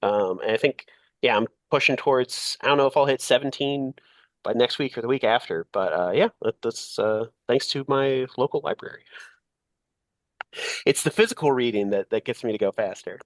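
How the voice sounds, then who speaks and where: A man's voice: mid-range voice, normal speed, no room sound. A man co-hosting a comics podcast, talking in a rambling casual way with many fillers and restarts. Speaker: podcast co-host.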